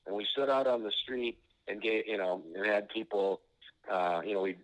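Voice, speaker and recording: Rambling low-voiced male author telling stories. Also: normal speed, low-quality recording. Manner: rambling, self-interrupting, many restarts and "you know". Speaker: author being interviewed as guest. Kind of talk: anecdotal storytelling in an interview.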